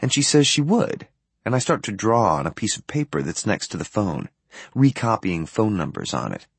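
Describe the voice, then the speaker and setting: Male audiobook narrator, husky voice, low pitch, detached, dry close sound. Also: big pitch swings, normal speed, dry recording. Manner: detached, matter-of-fact delivery. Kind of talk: first-person novel reading.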